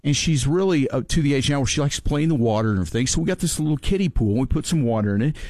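A man hosting a talk show, telling a story in an animated, excitable way and laughing often. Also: mid-range voice, very fast, dry recording, studio quality. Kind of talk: casual storytelling chat.

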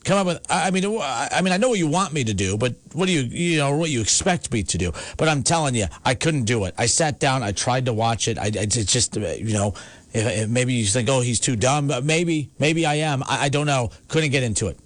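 A man's voice: mid-range voice, animated, brisk, no echo. A man hosting a call-in sports talk show from the United States, ranting emphatically, with repeated words and restarts. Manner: emphatic, repetitive, stammering restarts. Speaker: sports radio host.

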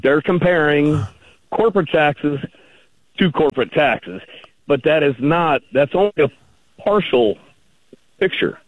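A man calling in to a radio talk show, arguing his points slowly and deliberately. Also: fairly high pitch, animated, dry recording. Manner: slow and gravelly, argues point by point. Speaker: caller. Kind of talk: phone-in caller on talk radio. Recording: tinny phone line.

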